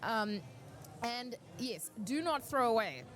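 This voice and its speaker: Woman, slightly high pitch, animated storyteller, earnest, encouraging panel speaker. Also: slow pace, slight background noise. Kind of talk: giving advice to an audience.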